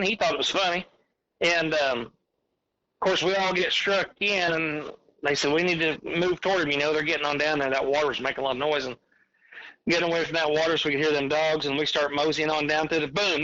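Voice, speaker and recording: A man, a podcast guest calling in by phone, telling a hunting story in a rambling, animated way. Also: a little high, no room sound. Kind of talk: casual chat. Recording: dull lo-fi phone line.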